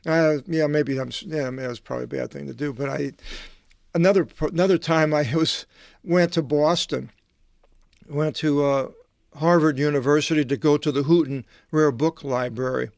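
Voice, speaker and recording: Man reading scripture, crisp and dry. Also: fairly high pitch, fairly even intonation, dry recording. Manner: meandering, digressive, halting asides. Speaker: Bible translator teaching.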